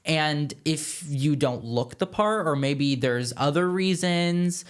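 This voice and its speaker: Young guy actor on a podcast, smooth clear voice, earnest and agreeable. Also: on the high side, animated. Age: young adult. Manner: earnest, agreeable, quick asides. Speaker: actor guest. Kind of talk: casual interview chat.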